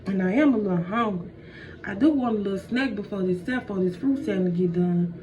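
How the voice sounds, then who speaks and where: A woman's voice: medium pitch, a little fast, natural voice. Woman doing sassy, slangy Eve. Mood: torn. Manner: sassy, loud, slangy comebacks. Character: sassy young woman Eve, defensive and hungry. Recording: dull, distant, faint noise.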